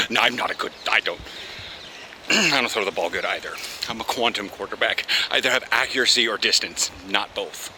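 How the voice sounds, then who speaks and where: A man talking casually and joking as he walks through a city and park, speaking into a handheld camera. He swears freely, and his voice is loud and booming. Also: animated, normal speed, poor audio. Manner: chatty, joking, swears often. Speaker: vlogger. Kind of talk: casual walking vlog chat. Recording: street noise and passing traffic. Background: traffic and trams.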